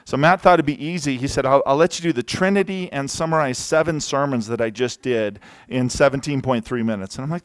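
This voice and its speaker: A man preaching to his congregation in a relaxed, chatty way, tossing in jokes as he goes. His voice sits at an everyday middle pitch. The sound is dry and close, with no room echo. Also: brisk, few pauses. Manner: casual, conversational, jokey asides. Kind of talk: sermon. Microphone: handheld or worn mic.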